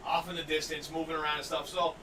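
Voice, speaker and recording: A young man hosting a podcast, telling stories in an animated way, laughing often and loudly acting out what people said. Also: on the high side, fast talker. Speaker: podcast host. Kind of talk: casual storytelling chat. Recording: distant mic, faint noise.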